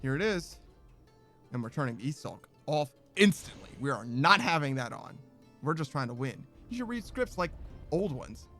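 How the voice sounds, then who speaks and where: A male streamer reads a video game's story aloud and jokes around between passages. His voice sits high and swings widely, and he laughs often. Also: moderate pace, faint music behind. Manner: animated, laughs often, joking. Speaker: streamer reading a game aloud. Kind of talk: playthrough narration and banter.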